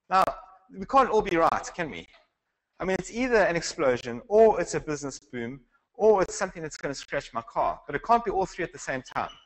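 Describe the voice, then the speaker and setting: A man's voice: high-pitched, fairly bright tone, poor audio. A man teaching a Bible class in a conversational lecture style, asking the class questions and restarting his sentences. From South Africa.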